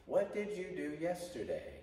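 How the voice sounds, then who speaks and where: Guy teaching english grammar slow, lively up and down pitch, booming hall, mic way off. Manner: slow, repeats phrases for students to copy. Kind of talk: classroom grammar lesson. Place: classroom. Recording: echoey hall, mic far off.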